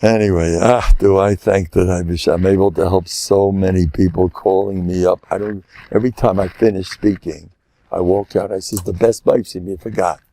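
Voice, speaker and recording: Older rabbi with a gravelly voice. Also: male voice. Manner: animated, leaps to high excited pitch, laughs at his own stories; halting restarts, mixes Yiddish and Hebrew words into English. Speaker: rabbi giving a lecture. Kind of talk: lively storytelling sermon.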